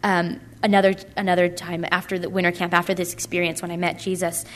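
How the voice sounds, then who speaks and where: A woman's voice: lowish voice, little pitch movement, brisk, creaky, a little hiss or hum. A young woman giving a casual, chatty personal testimony at a conference, full of likes and ums. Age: young adult. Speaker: speaker at a purity conference.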